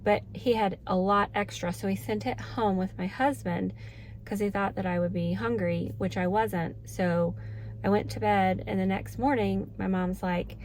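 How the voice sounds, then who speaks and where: Middle-aged woman, earnest vlogger, heartfelt, mid-pitched voice, faint background hiss. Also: fairly even intonation, moderate pace, darkish tone. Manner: earnest, heartfelt, emotional at moments. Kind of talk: casual talk to camera.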